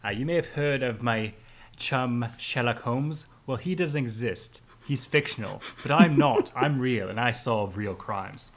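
A man's voice: mid-range voice, a little slow. A man playing a pompous Victorian detective. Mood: boastful. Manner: pompous, blustering. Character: boastful male Victorian detective, self-styled duke.

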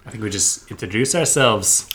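A man's voice: on the low side, moderate pace, a bit bright, slightly rough. A man co-hosting a comedy podcast, making dry, matter-of-fact jokes. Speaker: podcast co-host.

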